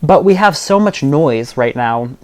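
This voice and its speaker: A man's voice: fairly high pitch, expressive, unhurried, darkish tone. A young man, a guest on a local podcast, speaking earnestly and passionately, with frequent "um" and "like". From Southern California. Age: young adult. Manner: earnest, passionate, many fillers. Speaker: guest, local party chair. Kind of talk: casual podcast interview.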